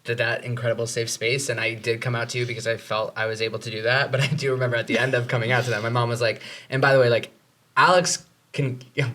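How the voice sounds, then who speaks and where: A young man hosting a podcast, talking in a lively, playful way in casual chat. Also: medium pitch, fast. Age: young adult. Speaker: podcast host.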